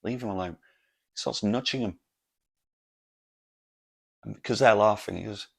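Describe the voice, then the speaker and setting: A man's voice: lowish voice, moderate pace, creaky, long pauses. A man hosting a solo comedic podcast, telling a story in an exasperated rant full of swearing. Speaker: podcast host.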